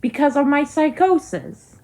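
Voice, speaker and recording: A woman's voice: high-pitched, sing-song, measured pace, darkish tone. A young woman ranting heatedly to camera in a vlog, emphatic and swearing often. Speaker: vlogger. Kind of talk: angry to-camera vlog rant.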